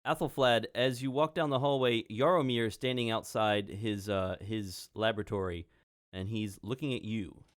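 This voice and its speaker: A man runs a tabletop game, narrating in an easygoing, conversational way. His voice is low and recorded close and dry. Small fillers slip into his descriptions. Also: steady tone, moderate pace, no echo. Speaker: game master.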